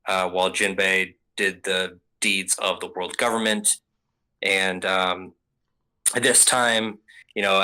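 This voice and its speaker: A man's voice: lowish voice, pushed and bright, poor audio. A young adult man hosting a casual review show, rambling through a recap with many fillers and some swearing. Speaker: podcast host.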